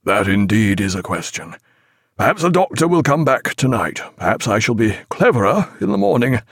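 A man's voice: mid-range voice, sing-song, moderate pace, vocal fry, breathy edge, no room sound, clean studio sound, full character voice. A man voicing a wounded, weary naval captain who gives orders in a raised, strained voice. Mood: resolute.

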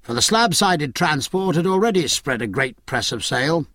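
A man narrating a novel in an expressive, scripted reading. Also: on the high side, moderate pace, no echo, studio quality. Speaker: audiobook narrator.

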